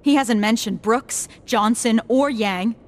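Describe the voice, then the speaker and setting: A woman's voice: medium pitch, unhurried. An actress playing a blunt, profane young female resistance soldier in a video game. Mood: angry. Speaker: soldier, explosives specialist. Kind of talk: video game cutscene acting.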